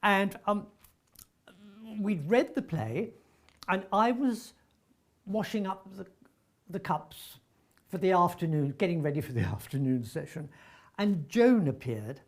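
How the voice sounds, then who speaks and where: Husky older man telling stories. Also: high voice, a little slow, pauses often. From North London. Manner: animated storyteller, acts out dialogue, frequent stammered restarts. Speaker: veteran actor recalling his career. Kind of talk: anecdotal reminiscence.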